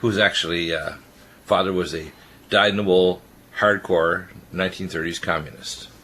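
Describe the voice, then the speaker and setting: A man on a radio health talk show, giving rapid, rambling and opinionated advice. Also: sits low, fairly even intonation, sharp tone, slight background noise.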